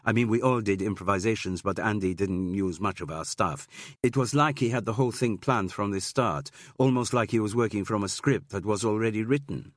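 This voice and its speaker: A man's voice: on the low side, fairly quick, dry recording, clean studio sound, lightly acted. A man voicing an offhand young woman student with a slight Spanish accent, talking casually with lots of "like".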